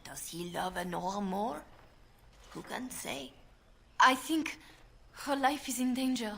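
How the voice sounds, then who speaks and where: A woman's voice: a little high, expressive, measured pace, gravelly, a bit bright, heavily acted. A woman voicing an anxious young handmaiden to a queen, speaking with a heavy French accent in an earnest, pleading way. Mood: urgent.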